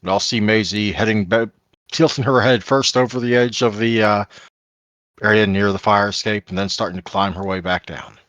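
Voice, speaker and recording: GM, male, low voice, dry close sound, searches for words with fillers. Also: steady tone, normal speed, fairly bright tone, dry recording. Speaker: game master. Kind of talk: narrating a tabletop game.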